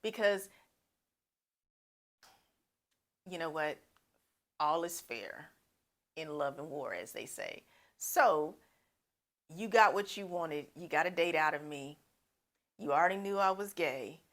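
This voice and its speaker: A woman's voice: deep voice, animated, a little slow, long pauses, a bit bright. A woman voicing a young lesbian woman telling a man she is gay, speaking earnestly. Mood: frustrated.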